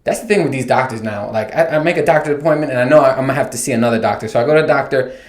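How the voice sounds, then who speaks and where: A man's voice: medium pitch, racing. A man hosting a podcast, telling a profane, exasperated comic rant in a casual way. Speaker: podcast host. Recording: roomy echo.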